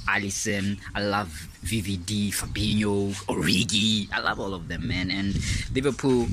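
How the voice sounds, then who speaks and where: A man giving an excited fan review of a football match, laughing often and repeating himself as he gets carried away. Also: on the low side, moderate pace, noisy background.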